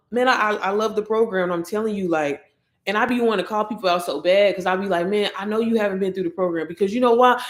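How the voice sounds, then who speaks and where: A woman, chatting excitably on a casual livestream and talking straight to her viewers. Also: mid-range voice. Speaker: online course promoter. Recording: echoey room.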